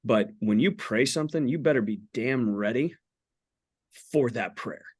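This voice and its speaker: A man's voice: medium pitch, moderate pace, a little mellow, husky. Blunt, earnest man in his forties. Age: 40s. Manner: earnest, blunt, swears casually. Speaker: podcast guest. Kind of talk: candid faith talk.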